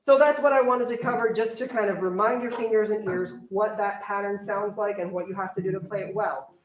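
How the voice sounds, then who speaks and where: A young woman orchestra teacher directing a string rehearsal, briskly counting off and coaching her players. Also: mid-range voice, fairly even intonation, far from the mic. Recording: echoey room, voice from afar, strings playing.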